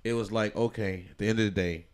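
A man's voice: lowish voice, steady tone, fast, a little mellow, clear, resonant tone. A man in his late thirties, a podcast guest, talking in an easygoing, laid-back way and drifting into musing. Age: 30s. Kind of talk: casual conversation.

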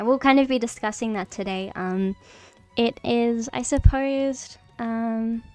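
A woman streamer giving a casual lesson on mushrooms, rambling and halting with many fillers and restarts, bubbly and playful. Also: fairly high pitch, darkish tone, smooth. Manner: bubbly, repeats phrases playfully. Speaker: streamer teaching a mycology lesson. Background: faint background music.

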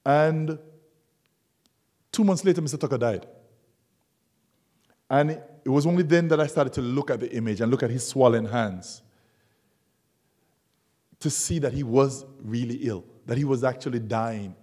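A man's voice: medium pitch, measured pace, pauses often. A man from Jamaica giving a public artist talk, telling stories animatedly and acting out the dialogue. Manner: animated storyteller who acts out dialogue. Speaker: guest speaker, documentary photographer. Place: museum lecture hall.

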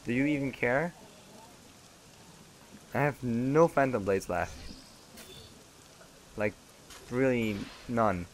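A man's voice: medium pitch, animated, slow pace, pauses often, a little hiss or hum. A man giving casual, joking gameplay commentary and talking back to the game's characters. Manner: joking, chatty, talks back to game characters. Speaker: let's play gamer.

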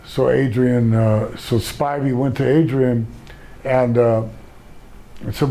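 A man's voice: mid-range voice, steady tone, takes it slowly, gravelly, dark tone. An older man, a retired pro wrestler, telling rambling stories in a casual interview with many restarts. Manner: rambling storyteller, frequent restarts.

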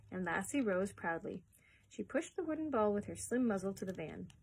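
Woman librarian for children's story-time read-aloud, husky tone, mid pitch. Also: rough recording. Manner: gentle, pauses to comment on pictures. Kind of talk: reading a chapter book aloud.

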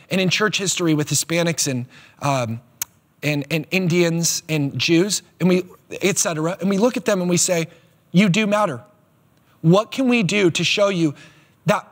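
A man preaching a sermon as pastor, animated and emphatic, with quick asides. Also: high-pitched. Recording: long hall reverb.

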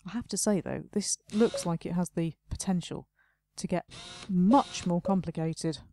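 Lady chatting to herself over a game, warm low-key voice, bit of hiss in the background. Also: normal speed. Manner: chatty, mutters to herself, scolds customers playfully. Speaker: gaming video host. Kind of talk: casual let's play commentary.

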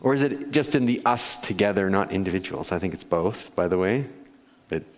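A man's voice: deep voice, expressive, brisk. A man preaching a conversational sermon to his congregation, often laughing and asking them questions. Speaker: pastor. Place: church sanctuary. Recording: church hall with long reverb.

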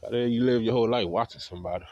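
A man's voice: medium pitch, very fast, mellow, dull audio, slight background noise. A man vlogging in a combative, profane ranting monologue, talking defiantly. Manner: combative, defiant, heavy swearing.

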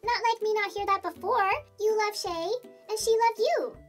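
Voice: very high voice, normal speed, faint music behind. A performer voicing a defiant toddler girl in a kids' comedy skit, talking in broken baby-talk grammar. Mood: teasing.

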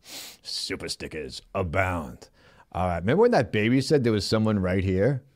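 A man's voice: sits low, sing-song, moderate pace. A man playing a brash, goofy male show host in a Stallone style, speaking in a mumbling tough-guy drawl on a live comedy show. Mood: jokey. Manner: goofy, cheerfully bossing the sidekick and crew.

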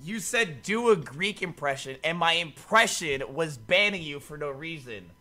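A man streaming casually, talking to his chat in an animated way and swearing freely. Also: on the high side, normal speed. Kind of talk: casual livestream commentary.

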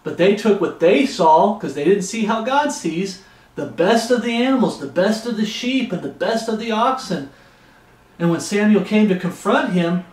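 A man's voice: high-pitched, animated, normal speed. A man preaching an expository Bible sermon with passion, often raising his voice. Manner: impassioned, raises his voice. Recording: echoey room.

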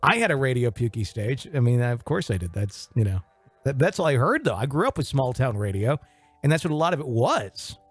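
A man's voice: mid-range voice, very animated, a little fast, breathy edge, dry recording, soft background music. A man hosting a podcast in casual chat, joking and mimicking radio DJs. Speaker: podcast host.

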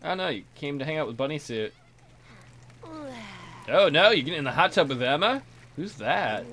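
A man's voice: a little high, lively intonation, normal speed, long pauses, a bit bright, a little hiss or hum. A man hosting a let's play, chatting casually and joking crudely about his game characters.

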